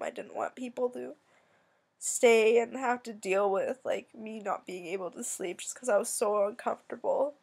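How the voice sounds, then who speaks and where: A young woman from Canada telling a personal story in a soft, halting, emotional way, with many pauses, near tears. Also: medium pitch, vocal fry, husky. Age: young adult. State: tearful. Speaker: vlogger.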